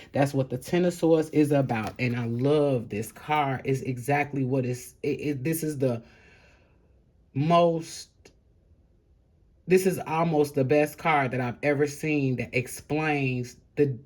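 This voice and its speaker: A woman's voice: extremely low pitch, unhurried, a little mellow. A woman giving a casual, spiritual tarot reading to camera, heartfelt and encouraging, rambling with fillers as she speaks straight to her viewers. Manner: encouraging, addresses viewers directly. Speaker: tarot reader.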